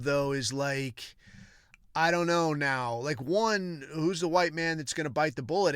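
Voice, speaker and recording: A man's voice: on the high side, fairly bright tone, clear, resonant tone, dry recording, studio quality. A man hosting a podcast, delivering a crude, profane monologue rant that jumps between topics. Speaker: podcast host.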